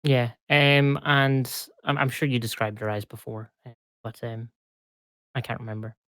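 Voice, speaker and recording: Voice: mid-range voice, level tone, normal speed, a bit bright, no room sound. A tired player in a tabletop game who talks chattily and laughs between lines. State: overtired. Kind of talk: playing a character in a tabletop game.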